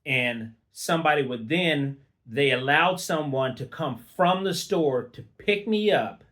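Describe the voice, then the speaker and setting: A man's voice: fairly high pitch, unhurried, a bit bright. A middle-aged man telling an unscripted personal story in a casual, rambling way, with fillers and restarts. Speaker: vlogger.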